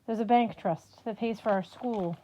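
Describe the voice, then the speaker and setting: A woman's voice: mid-range voice, moderate pace, mellow, dull audio, natural voice. A woman voicing a frightened, defensive girl. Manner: tense and insistent.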